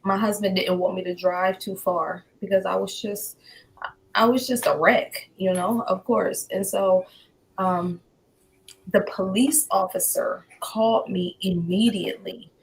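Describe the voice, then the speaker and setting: A woman's voice: mid-range voice, steady tone, a little slow, rough recording. A woman giving an emotional personal account as a guest, her voice climbing and breaking. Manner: intense, voice rising to near shouts and breaking. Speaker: guest telling her story.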